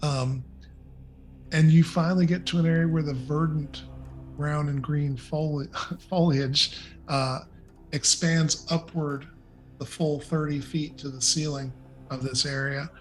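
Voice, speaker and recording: A man narrating a tabletop game as dungeon master, in a relaxed, descriptive way with frequent fillers. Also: on the high side, a little slow.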